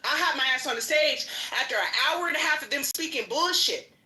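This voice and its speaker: A woman's voice: high-pitched, animated, a little fast, sharp tone, roomy sound. A woman arguing in an audio chat room, profane and combative, hurling insults. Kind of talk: heated argument. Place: home gym.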